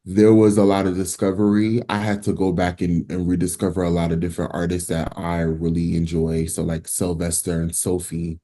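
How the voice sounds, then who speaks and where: A man's voice: low voice, completely flat delivery, moderate pace, hardly any pauses, mellow. A man from New Jersey, a singer, talking casually and animatedly in an interview, with lots of fillers and restarts. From Newark, New Jersey. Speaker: guest singer.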